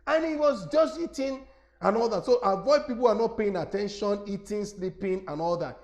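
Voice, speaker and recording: Nigerian evangelist, middle-aged, high voice, lively webinar teacher on a lapel mic, keeps asking if you understand. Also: male voice, brisk. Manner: animated, repeats himself, addresses listeners directly.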